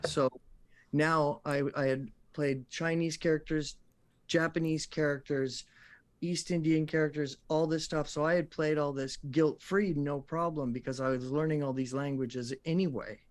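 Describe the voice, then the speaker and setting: Lively talk show guest, male voice actor, slightly high voice, storyteller who acts out quotes. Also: normal speed.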